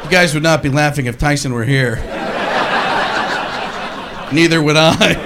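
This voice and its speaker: Gravelly, high-voiced stand-up comic. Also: male voice, a little slow, heavy background noise. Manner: energetic, jumping into voices. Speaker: stand-up comedian. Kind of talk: stand-up comedy.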